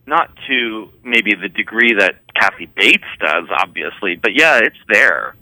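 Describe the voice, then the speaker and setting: A man's voice: fairly low pitch, unhurried, dry recording, rough recording. A man from Maryland, a podcast guest, chatting casually and telling stories with lots of fillers. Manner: animated storytelling with many fillers. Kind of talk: casual chat.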